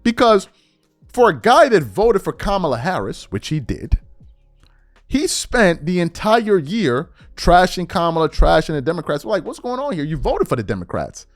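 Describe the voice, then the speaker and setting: Animated man in a dry political rant. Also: high-pitched, normal speed, no echo, soft background music. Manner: animated, incredulous, rhetorical questions. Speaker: political commentary host. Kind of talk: political commentary monologue.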